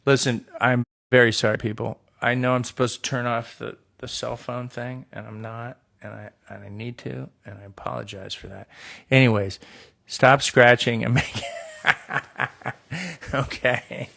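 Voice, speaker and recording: Man, middle-aged, from the United States, gravelly voice, casual phone live stream, dry sarcastic humor, reading fan questions. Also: medium pitch, fairly even intonation, normal speed, fairly bright tone. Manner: reads questions aloud and riffs with dry, joking sarcasm. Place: indoor room with a window.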